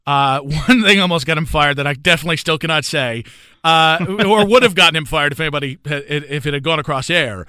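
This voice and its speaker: Animated man with a bright crisp voice. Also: fairly high pitch, no room sound, clean studio sound. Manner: animated, quick storyteller. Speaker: guest, sports radio host. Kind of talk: casual interview chat.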